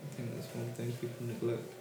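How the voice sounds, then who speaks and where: A man's voice: mid-range voice, fairly quick. A British man hosting a casual chat, telling stories with energy and asking questions. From Britain. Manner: lively, storytelling, asks questions. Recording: echoey room with music behind.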